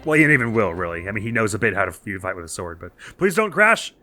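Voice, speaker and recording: A man's voice: on the low side, sing-song, quick pace, bright, forceful tone, faint music behind. A man hosting a let's play, chatting playfully over the game and making goofy sound effects. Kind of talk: gameplay commentary.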